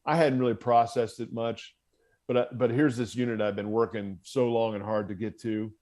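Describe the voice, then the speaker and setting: An American man, once a Marine officer, recounts his past in a relaxed conversational flow. He swears freely and often laughs at his own expense. His voice sits at an ordinary middle pitch for a man. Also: moderate pace. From United States. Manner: candid and profane, laughing at himself. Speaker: podcast guest, former Marine officer. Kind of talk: casual storytelling in conversation.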